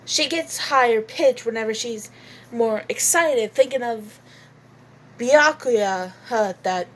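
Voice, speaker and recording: A channel host speaks slowly in a voice on the high side, over a little hiss or hum. She chats casually and hesitantly about voicing game characters for a voice-acting demo, giggling frequently and leaning on fillers.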